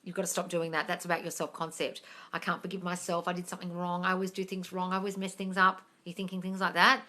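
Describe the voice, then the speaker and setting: A woman's voice: fairly low pitch, level tone, quick pace, bright, forceful tone. A woman hosting a live-stream question-and-answer session, coaching viewers directly and calling them darling. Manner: swears casually.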